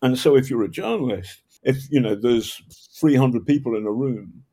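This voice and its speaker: A man's voice: mid-range voice, normal speed, mellow, breathy edge. A man with a northern English accent, a journalist and author telling stories in an interview, often restarting his sentences. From Northern England. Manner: rambling, self-interrupting storyteller with projected voice. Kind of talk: conversational storytelling interview.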